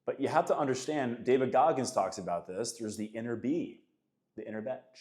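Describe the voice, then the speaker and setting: A Florida man in his thirties, a faith and men's coach, gives a casual but emphatic motivational talk on faith and self-discipline, often addressing listeners as "guys" and "man." His voice is fairly low-pitched and a bit dark in tone, and he speaks at a normal speed.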